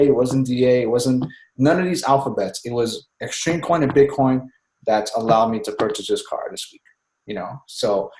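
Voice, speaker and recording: Excited, rambling man on an echoey call. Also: medium pitch. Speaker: team member speaking on a group call. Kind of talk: casual chat on a conference call.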